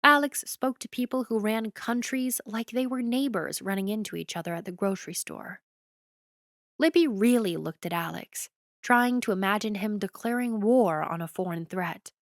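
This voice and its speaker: A woman narrating a romance audiobook in an even storytelling delivery, recorded close to the mic. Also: mid-range voice, moderate pace, no echo.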